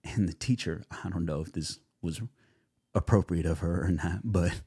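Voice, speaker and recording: A young man speaks as an interview guest, his voice low and deep with a warm, mellow tone. He tells his story in a loose, animated way, full of fillers, and acts out what people said to him. The sound is dry and close. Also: normal speed, breathy edge, no room sound. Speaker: guest, actor.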